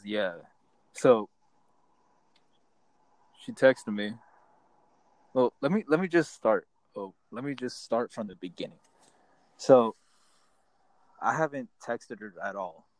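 A man's voice: mid-range voice, no echo, low-quality recording. A young man telling a rambling, profane story to his friends in casual chat. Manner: rambling, profane, restarts often.

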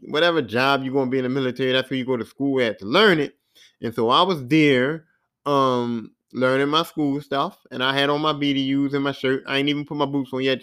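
A podcast host in his forties tells a rambling, profane, self-mocking story as a casual monologue. His voice is fairly high and a bit bright.

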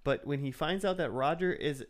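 This man co-hosts a podcast and walks through a cartoon episode in loose, rambling chat full of fillers. He speaks at normal speed in a voice on the higher side.

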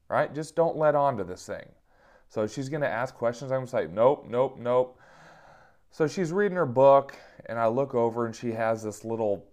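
A man's voice: on the low side, a little mellow. A man in his thirties telling funny personal stories in a casual monologue, self-mocking and chuckling often.

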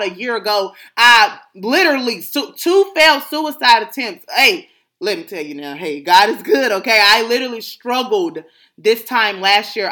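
A woman's voice: medium pitch, bright, forceful tone. A woman, talking through a personal reflective monologue, emphatic and repeating phrases of gratitude like a prayer.

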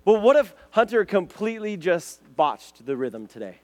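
High-voiced chatty preacher man. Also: normal speed. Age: adult, has a son. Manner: lively, chatty, repeats words and asks "right?", "okay?". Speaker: youth pastor. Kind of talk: casual sermon to a group.

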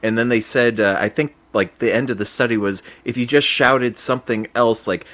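A man co-hosting a cartoon podcast in casual chat, chatty and quick to correct others with facts. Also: mid-range voice, fairly even intonation, a bit bright. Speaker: podcast co-host.

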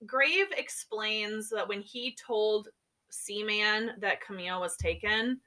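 A woman's voice: mid-range voice, slow pace, bright, forceful tone. A woman in casual conversation about a book, giving blunt opinions and scolding the characters. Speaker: book discussion co-host.

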